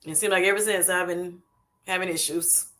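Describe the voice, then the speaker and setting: A middle-aged woman running a livestream chats casually with her viewers, laughing often and using honey and y'all. She has a lowish, fairly bright voice with a steady tone at normal speed, recorded on a streaming setup.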